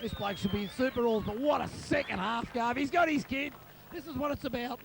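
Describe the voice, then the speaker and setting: A hoarse Australian man commentating excitedly outdoors at a football ground, calling out players' nicknames for a home video. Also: very high voice, brisk, slight background noise. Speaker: club supporter narrating home video.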